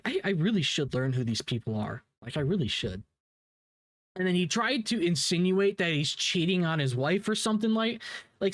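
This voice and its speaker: A young man in a rambling, swear-heavy reaction commentary, often stopping mid-sentence to restart. His voice sits a bit high, and the close mic sounds dry and dead. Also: no room sound. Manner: rambling and profane, with frequent restarts and laughs. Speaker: drama commentary host.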